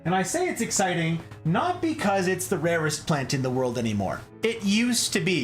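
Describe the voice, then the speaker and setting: Male streamer, playful and goofy, very animated delivery, faint music under. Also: high-pitched, normal speed, few pauses. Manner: playful and goofy, breaks into silly voices and catchphrases; slangy, lots of "like" fillers. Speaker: streamer hosting a plant stream. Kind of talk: casual livestream chat.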